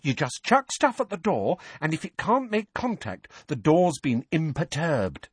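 A man voicing a bright young girl witch. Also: on the high side, huge pitch swings, unhurried, slightly rough, dry recording, voice pushed up, full character voice. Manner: bright, chatty, matter-of-fact. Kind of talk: audiobook character voice.

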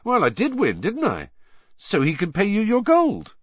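A man's voice: high-pitched, huge pitch swings, normal speed, husky, no echo, highs cut off, pitched above the performer's own voice, full character voice. A man voicing an earnest, sharply questioning teenage boy. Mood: curious.

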